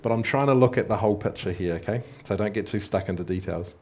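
A man's voice: lowish voice, quick pace, a little mellow. A man preaching a sermon in a casual, conversational way, often asking the congregation questions and thinking aloud with fillers and restarts.

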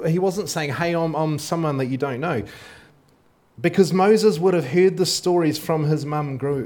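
A man delivers a sermon in a relaxed, talkative way. He keeps checking in with the congregation through rhetorical questions. His delivery is loose and unscripted, full of small fillers and restarts as he thinks aloud. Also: fairly high pitch. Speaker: preacher.

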